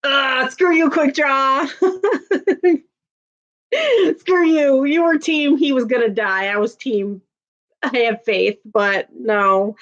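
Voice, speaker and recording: A woman's voice: sits high, steady tone, slow, pauses often, fairly bright tone, dull audio. A woman hosting a casual livestream, chatting with viewers, venting and laughing often. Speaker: livestream host reading chat.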